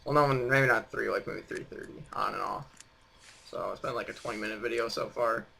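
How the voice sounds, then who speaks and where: A man's voice: mid-range voice, a little fast, creaky, bright, forceful tone, slightly rough. A young man hosting a casual chat on a voice call, rambling and teasing with lots of fillers. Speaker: host.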